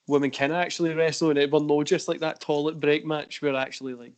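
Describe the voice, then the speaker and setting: Talking fast in a level tone, a higher-voiced male podcast host chats casually, rambling along with heavy use of fillers.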